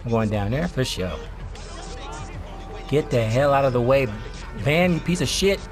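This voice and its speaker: A young man giving casual gameplay commentary as a streamer, excitable and profane, with yelping outbursts. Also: mid-range voice, a little slow, faint music behind. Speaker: gaming streamer.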